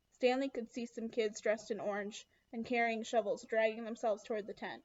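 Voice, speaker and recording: A woman reading a children's book aloud, who pauses to ask her young listeners questions. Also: on the high side, fairly even intonation, lo-fi sound. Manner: asks listeners gentle questions.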